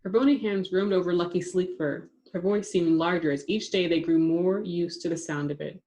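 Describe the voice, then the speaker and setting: Woman narrating an audiobook, low-pitched. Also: fairly even intonation, moderate pace, dark tone. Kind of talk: scripted narration.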